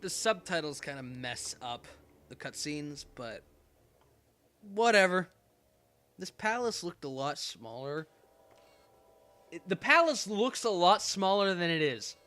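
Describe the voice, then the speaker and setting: A man doing casual gameplay commentary as a let's play host, excitable, sarcastic and self-mocking. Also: a little high, unhurried, long pauses.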